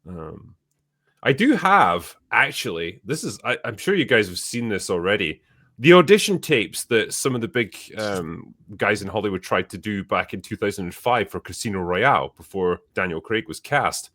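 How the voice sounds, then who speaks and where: Brief: male host, lively pitch, dry close mic, laughs and curses casually. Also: normal speed, dry recording. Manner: animated, laughing, swearing freely. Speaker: podcast host. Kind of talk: casual panel chat.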